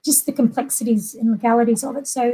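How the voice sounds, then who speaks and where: High-pitched aussie woman, middle-aged, chatty and rambly, lots of ums. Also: fairly even intonation, fast talker, warm tone, slightly rough. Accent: Australian. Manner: chatty, rambling with many fillers. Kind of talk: casual chat.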